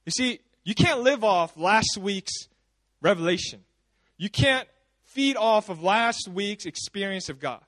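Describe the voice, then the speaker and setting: A pastor preaching at a church service, telling stories in a loose, chatty, animated way full of asides. His voice sits very high for a man, and the sound is dry and close. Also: unhurried, no echo. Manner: casual, animated storytelling with frequent asides. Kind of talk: sermon.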